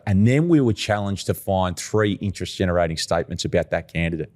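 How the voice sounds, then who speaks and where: Deep-voiced Australian man telling stories. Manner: animated storyteller, emphatic, slows down for key points. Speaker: guest, recruitment agency founder. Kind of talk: podcast interview.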